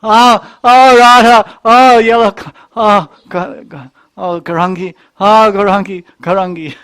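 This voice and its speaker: A man's voice: mid-range voice, steady tone, measured pace, creaky, voice pushed up. A man voicing a young boy god who sobs and cries out in broken, longing calls. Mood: anguished wailing. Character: young boy god sobbing for his beloved.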